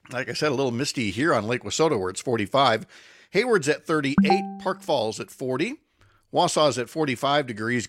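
A man's voice: medium pitch, fairly bright tone, dry recording, studio quality. A man hosting a morning radio talk show, chatting casually and rambling with restarts. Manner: rambling, self-correcting, chatty. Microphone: studio microphone.

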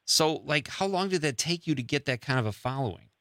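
Bright-voiced joking male host. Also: fairly high pitch, animated, brisk, no room sound, studio quality. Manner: jokey, laughing, enthusiastic. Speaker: podcast host. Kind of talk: casual interview chat.

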